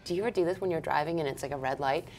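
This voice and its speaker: An actress from Canada chatting casually in an interview, full of "like" fillers and self-deprecating asides. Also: female voice, sits low, rapid-fire, darkish tone, slight background noise.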